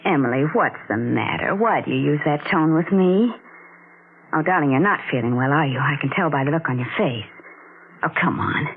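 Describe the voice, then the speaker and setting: An actress playing a sweet, excitable young bride. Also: female voice, low voice, normal speed, slight background noise. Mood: sweet excited. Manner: breathless, sweet, rising to frightened cries. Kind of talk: 1940s radio drama acting. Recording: tinny old radio broadcast.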